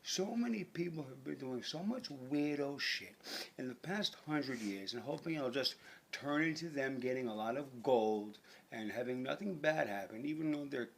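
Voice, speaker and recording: A man's voice: mid-range voice, lively intonation, moderate pace, gravelly, a little hiss or hum. A man delivering a rambling, profane, mock-grandiose conspiratorial monologue.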